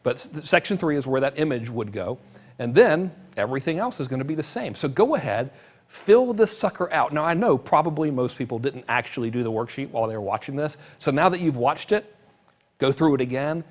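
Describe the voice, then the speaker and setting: A middle-aged man walks viewers through a marketing lesson, talking straight to the camera like an instructor. His pitch moves around a lot as he stresses points and slips in jokes. He sounds relaxed and casual as he teaches. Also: a little fast. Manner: joking, lively, talks with emphasis.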